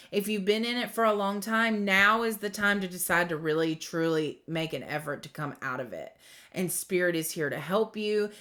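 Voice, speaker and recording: A woman giving a tarot reading to camera, speaking in a heartfelt, reflective way with pauses and fillers. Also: medium pitch, fairly bright tone. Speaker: tarot reader.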